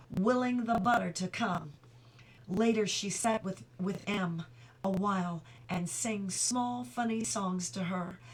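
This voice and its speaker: A middle-aged woman reading a novel aloud at home, steady and clear, now and then stopping for chatty asides. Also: mid-range voice. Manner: reads steadily, breaks off for chatty asides and laughter. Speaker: audiobook reader.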